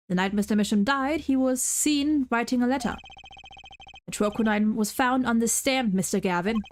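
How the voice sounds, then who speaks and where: A woman's voice: on the high side, slight background noise, close to an everyday voice. A woman doing Apollo Justice with a German accent. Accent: put-on German. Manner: stumbling over game text while reading aloud. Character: earnest young male defense attorney. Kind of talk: reading game dialogue aloud.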